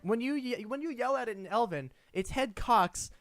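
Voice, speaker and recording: Young man running a tabletop game. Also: very high voice. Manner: lively, quick narration with stumbles. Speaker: game master.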